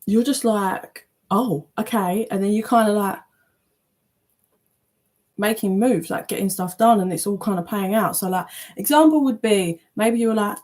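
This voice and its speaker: A woman's voice: mid-range voice, moderate pace. Chatty woman reading tarot. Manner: chatty, animated, swears casually. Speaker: tarot reader. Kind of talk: casual channeled reading.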